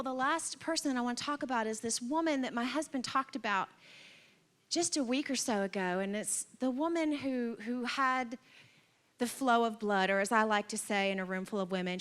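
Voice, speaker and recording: A woman pastor delivering a sermon with a high, bright voice. She tells her stories animatedly, acting out quotes and dropping in humorous, exaggerated asides. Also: moderate pace. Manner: animated storytelling with acted-out quotes. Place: church.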